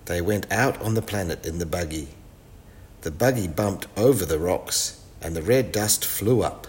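A man reading a children's storybook aloud in a clear, expressive way. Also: low voice, a little slow.

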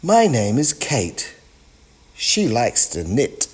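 A man voicing an eager young maid in a children's storybook read-aloud, with a high, urgent voice. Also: wildly swooping pitch, slow pace, a little hiss or hum.

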